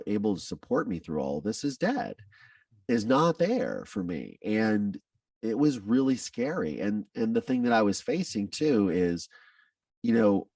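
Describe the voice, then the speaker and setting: A man's voice: fairly low pitch, no room sound, studio quality, recorded from a distance. A man who is a podcast guest tells his own story candidly, with intense, blunt talk and frequent swearing.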